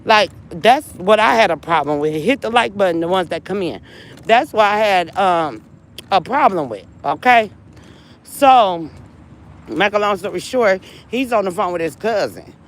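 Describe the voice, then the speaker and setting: Speaking a little slowly but animatedly in a medium pitch, a woman pours out a long personal story to her viewers. She vents casually, sounding upset and drained, repeats herself often, and addresses them directly, all in a rough recording.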